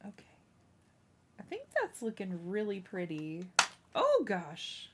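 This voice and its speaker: A woman's voice: medium pitch, wildly swooping pitch, slow pace. A woman hosting a casual craft livestream, chatting with viewers and scolding her cat. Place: home room.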